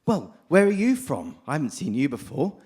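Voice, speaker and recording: A man voicing a small male frog in a well, incredulous and scornful, his voice pitched up for the character. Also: wildly swooping pitch, moderate pace, darkish tone, slightly rough, full character voice. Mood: indignant.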